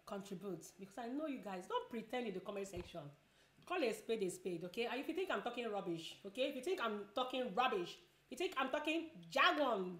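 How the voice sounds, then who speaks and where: A woman's voice: on the high side, lively intonation, brisk, a bit bright, roomy sound. A woman chatting casually while eating, giving advice and repeating herself a lot. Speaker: vlogger.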